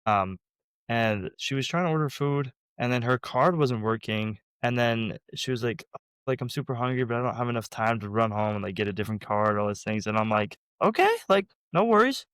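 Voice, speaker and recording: A young man co-hosting a podcast in casual chat, getting animated when he quotes people. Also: on the low side, fairly quick, smooth, no room sound. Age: young adult. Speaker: podcast co-host.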